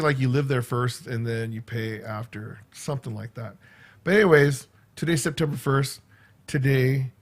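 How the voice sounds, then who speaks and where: Rambling fifty-something man vlogging. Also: medium pitch. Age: 50s. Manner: rambling storyteller, filler-heavy, repeats words. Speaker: vlogger and school teacher. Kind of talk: casual chat.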